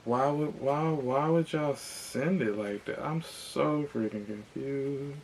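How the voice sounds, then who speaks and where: A man's voice: medium pitch, slow pace, slight background noise. A young man ranting in frustration during a casual unboxing vlog, swearing and repeating himself. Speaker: vlogger.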